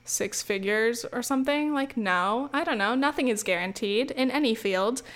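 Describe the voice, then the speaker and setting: A young woman talks straight to her audience in a loose, chatty rant, tripping over restarts, dropping fillers and swearing freely. Her voice sits a little high. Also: normal speed, fairly bright tone. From United States. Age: young adult. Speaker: student vlogger. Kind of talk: casual rant to camera.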